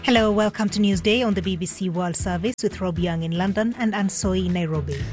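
A woman presenting a radio news programme in a clear, composed way. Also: mid-range voice, brisk, over music.

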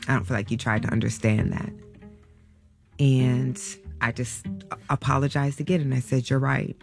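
A woman being interviewed as a parent, talking in a halting, reflective and soft-spoken way about personal choices. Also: extremely low pitch, fairly even intonation, creaky, music in the background. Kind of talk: emotional personal recollection.

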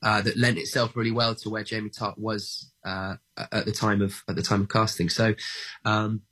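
A man's voice: fairly low pitch, little pitch movement, moderate pace, bright, forceful tone, husky. A man from England, an actor guest in a radio interview, answering thoughtfully with lots of "uh"s and restarts and a self-deprecating humor. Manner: hesitant, many fillers and restarts, self-deprecating.

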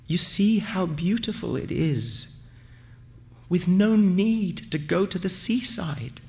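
A man voicing a joyful, innocent young woman in a storybook reading, speaking in soft, wondering exclamations. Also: high voice, animated, takes it slowly, gravelly, voice pushed up, heavily acted.

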